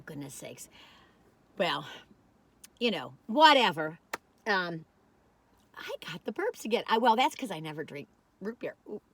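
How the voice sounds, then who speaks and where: A woman's voice: lowish voice, big pitch swings, unhurried, long pauses, a bit bright. A middle-aged woman, chatting and rambling in a folksy way while taste-testing food. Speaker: food reviewer. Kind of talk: casual taste-test chat.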